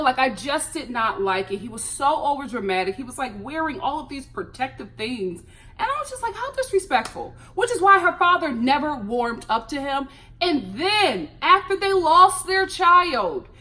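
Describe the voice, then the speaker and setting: Sassy, lively young woman commentator. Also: high voice. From United States. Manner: sassy, animated, laughs often. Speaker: show reviewer. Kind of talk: casual reality TV commentary.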